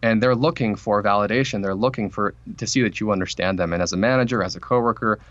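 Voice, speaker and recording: Fast-talking man telling a work story. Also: on the low side, no echo, dull audio. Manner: fast, animated storytelling with acted-out quotes. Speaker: author and guest. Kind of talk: casual storytelling interview.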